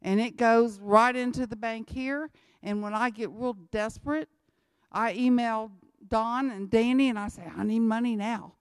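A woman's voice: fairly high pitch, fairly even intonation, unhurried, clear, resonant tone, no room sound, clean studio sound. Emphatic woman in her sixties. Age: 60s. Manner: emphatic, repeats key lines, folksy. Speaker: missionary speaker. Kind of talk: church talk on missions.

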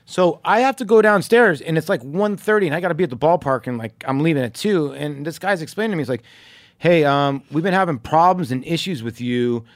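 A man's voice: on the high side, fairly quick, dry recording, studio quality. A man telling a long story on a podcast, jumping into the voices of the people he quotes, with plenty of ums. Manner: animated, acts out quoted voices, many ums. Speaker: podcast co-host, former baseball player. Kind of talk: casual storytelling.

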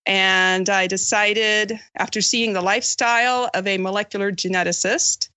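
A woman's voice: medium pitch, steady tone, moderate pace, bright, forceful tone, no room sound. A woman from Maine, a podcast guest telling her story in a friendly, chatty way. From Maine, USA. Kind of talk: casual podcast interview.

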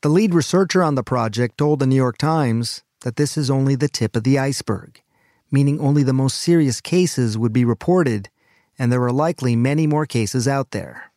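A man hosting a news podcast, reading a scripted narration in a calm, measured, earnest way. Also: medium pitch, dry recording, clean studio sound. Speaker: medical correspondent and podcast host.

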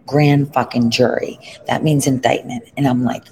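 A man's voice: mid-range voice, little pitch movement, normal speed, darkish tone, low-quality recording. A man giving a rambling, profane vlog update from an airport lounge, talking into a phone strapped to his arm.

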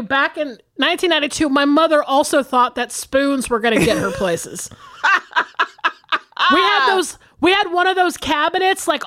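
A woman in her forties co-hosting a podcast, telling stories in a profane, animated way. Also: high-pitched, dry recording. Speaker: podcast co-host. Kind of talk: casual chat.

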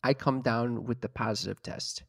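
A man spins an exasperated, swear-filled story in casual podcast chat, slipping into mocking voices for the people he quotes. His mid-pitched voice sits close and dry, with no room sound. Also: steady tone, normal speed, creaky, no echo.

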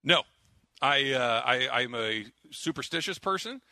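A man's voice: medium pitch, expressive, measured pace, bright, forceful tone, dry recording. A man hosting a sports radio show, chatting loosely and joking with his co-hosts. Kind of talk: casual radio show chat.

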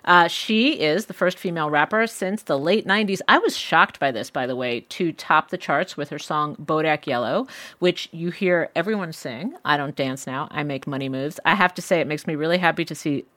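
Low-voiced chatty woman host. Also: normal speed, sharp tone, no room sound. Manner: enthusiastic, chatty. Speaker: podcast host. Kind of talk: casual chat.

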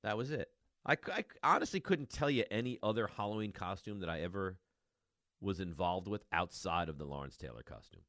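Animated man hosting sports talk radio. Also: deep voice, brisk, dry recording, studio quality. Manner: animated, emphatic, teasing. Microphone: studio microphone.

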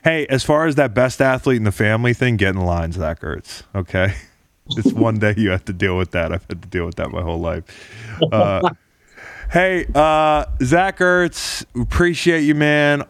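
Podcast host guy, lowish voice, dry sound, teasing and jokey. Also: moderate pace, a bit bright, no echo. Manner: joking, teasing, lots of restarts. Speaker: podcast host and former football player. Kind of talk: casual podcast chat.

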